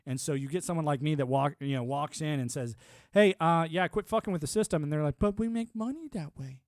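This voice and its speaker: A man's voice: a little high, fast, no echo, studio quality. A man ranting on a live stream, profane and combative, laughing often and talking like a military veteran. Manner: former military and network engineer talk. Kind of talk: casual live-stream rant.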